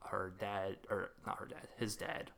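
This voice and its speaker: A man's voice: fairly low pitch, level tone, a little slow, vocal fry, a bit bright. A man co-hosting a podcast, chatting casually about a movie in a laid-back way. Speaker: podcast co-host. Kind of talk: casual movie-review chat.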